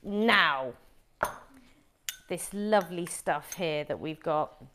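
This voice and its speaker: A woman's voice: fairly low pitch, slow, bright, forceful tone, a little hiss or hum. Middle-aged woman host, cooking live on camera, friendly running explanation of each step. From Wolverhampton, England.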